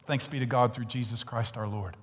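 Male pastor, blunt, fiery sermon delivery, mid-pitched, church-hall reverb. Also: steady tone, brisk, breathy edge. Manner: blunt, intense preaching with sudden hushed whispers and loud peaks.

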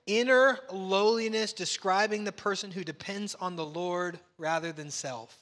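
A middle-aged man preaching a sermon as pastor, animated and acting out bits of dialogue. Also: sits high, big-room sound.

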